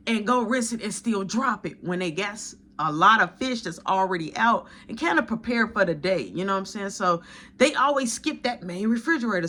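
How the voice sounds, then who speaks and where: A young man telling a story in casual slang, animated as he acts out what people said to him. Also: high-pitched. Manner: animated retelling, acting out others' quotes in slang.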